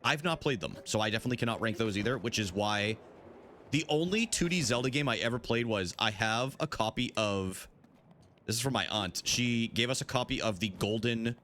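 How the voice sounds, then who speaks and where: Lively-voiced man streaming a game. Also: medium pitch, a little fast, a little hiss or hum. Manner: chatty, answers chat, swears freely. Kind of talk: casual live-stream chat while gaming.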